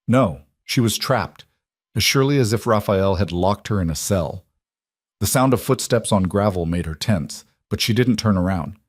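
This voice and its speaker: A man narrating a scripted romance story in an even, measured way. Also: lowish voice, breathy edge, no echo, clean studio sound.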